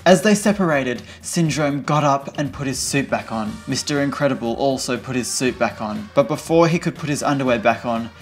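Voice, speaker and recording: Casual male fan fiction reader. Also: mid-range voice. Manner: casual, sarcastic asides. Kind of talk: reading fan fiction aloud.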